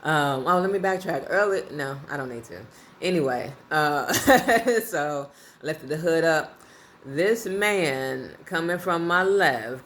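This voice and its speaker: Low-voiced woman telling a laughing story. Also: slight background noise. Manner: animated, laughing, colloquial and conversational. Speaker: vlogger. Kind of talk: casual anecdotal storytelling.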